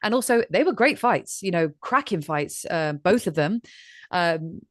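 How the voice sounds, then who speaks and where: A woman from Ireland hosts a conversational interview about boxing, lively and expressive, slipping into little acted-out voices as she tells a story. Her voice sits a touch low for a woman, and the recording is close and dry, with no room sound. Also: unhurried, no echo. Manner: animated storyteller, acts out voices in analogies. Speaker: host.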